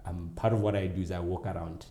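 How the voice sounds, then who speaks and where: A man's voice: deep voice, little pitch movement, fast, warm tone, echoey room, a little hiss or hum. A man speaking as a guest educator in a conversational interview, earnest and acting out conversations with students. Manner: earnest, acts out dialogue with kids. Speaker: guest, educator and tutoring business owner.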